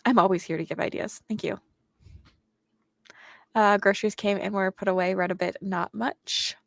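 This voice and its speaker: A woman's voice: mid-range voice, steady tone, moderate pace, gravelly, no echo. A young woman hosting a casual reading livestream, reading viewer comments aloud and chatting back to them. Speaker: booktuber host reading chat aloud.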